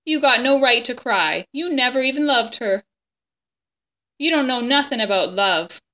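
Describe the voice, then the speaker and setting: A woman reading aloud voices a desperate, grieving poor boy who pleads and shouts in a rough dialect. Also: a little high, big pitch swings, measured pace, heavily acted. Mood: yelling.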